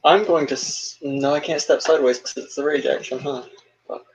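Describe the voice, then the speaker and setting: A man playing a tabletop role-playing game over a call, thinking out loud and swearing as he plans. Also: medium pitch, fairly even intonation, normal speed, rough recording. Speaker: player. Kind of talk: casual tabletop game play.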